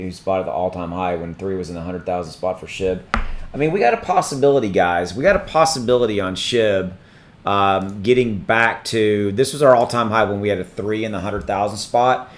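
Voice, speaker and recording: Low-voiced man rambling on a crypto livestream. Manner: rambling, thinks aloud while searching. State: voice starting to go. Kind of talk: casual live-stream chat.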